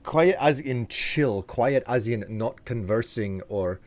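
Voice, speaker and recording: A man streaming a game live, chatting and joking as he reacts out loud to what happens in it. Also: mid-range voice, expressive, slow pace. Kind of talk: live gameplay commentary.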